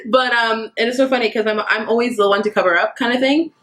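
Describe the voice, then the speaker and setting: A young woman in casual vlog chat, telling a story in an excitable, giggly way. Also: a little high, quick pace. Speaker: vlogger.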